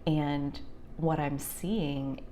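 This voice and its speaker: A young woman talking through a heartfelt personal reflection, rambling with many fillers and sometimes dropping to a soft near-whisper. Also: deep voice, fairly even intonation, extremely slow, slight background noise. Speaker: spiritual vlogger.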